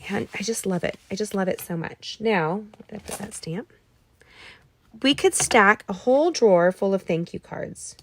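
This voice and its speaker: On her live card-making class, a middle-aged woman with a medium-pitched voice chats bubbly and rambling with viewers, talking through each step. She gasps and exclaims over her supplies, though she sounds a little worn out underneath.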